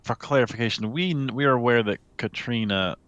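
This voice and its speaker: A man's voice: mid-range voice, brisk, fairly bright tone, clean tone, dry recording, highs cut off. Dry-sounding male tabletop player. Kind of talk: casual chat in a game session.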